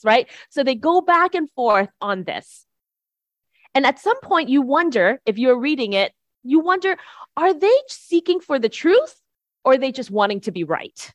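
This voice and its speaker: Woman preacher, fairly high voice, conversational sermon, dry close sound. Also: big pitch swings, normal speed, dry recording. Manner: chatty, tags points with "right?".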